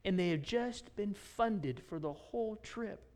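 Animated storytelling male pastor. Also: high voice, measured pace. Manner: storytelling, animated, dropping to a whisper for emphasis. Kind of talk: sermon.

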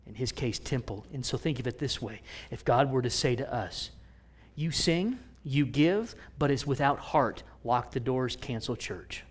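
A man preaching a sermon, telling stories with humor and dropping into hushed whispers for emphasis. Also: fairly high pitch. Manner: animated, swings from loud to hushed whispers; conversational storytelling with humor. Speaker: pastor.

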